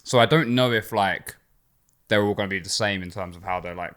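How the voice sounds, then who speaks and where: A man's voice: deep voice, brisk, fairly bright tone. Lisping young man, casual podcast chat. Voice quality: slight lisp from clear aligners. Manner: rambling, swearing, chuckling. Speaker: podcast co-host.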